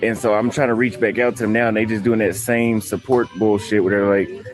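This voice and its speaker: Low-voiced man vlogging casually. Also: level tone, fairly quick, faint music behind. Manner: conversational, matter-of-fact. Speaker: travel vlogger. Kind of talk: casual vlog narration.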